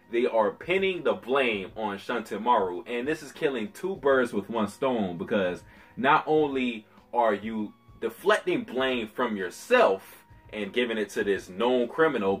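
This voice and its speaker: A man with a husky voice reviewing anime chapters in a casual vlog, animated, slangy and profane. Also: medium pitch.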